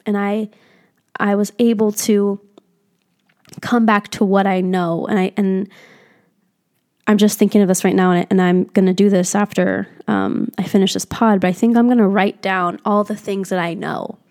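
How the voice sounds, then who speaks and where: A woman's voice: medium pitch, steady tone, normal speed, a little mellow. Brief: young woman, solo podcast host, frank and foul-mouthed, self-reflective pep talk, mid-range voice. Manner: candid and heavily profane. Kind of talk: casual solo podcast monologue.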